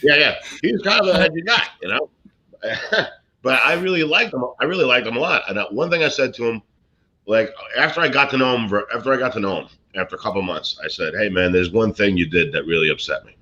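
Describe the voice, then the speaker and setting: A man's voice: mid-range voice, fast, bright, forceful tone. A man, an actor and comedian from Brooklyn, telling rambling showbiz stories in casual chat with many fillers and restarts. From Brooklyn, USA. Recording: dull lo-fi sound.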